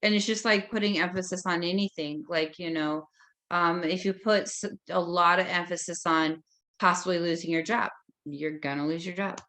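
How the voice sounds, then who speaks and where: A woman's voice: fairly low pitch, fairly even intonation, normal speed, fairly bright tone. A woman taking part in a course discussion, talking casually and hesitantly with many fillers. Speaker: course participant.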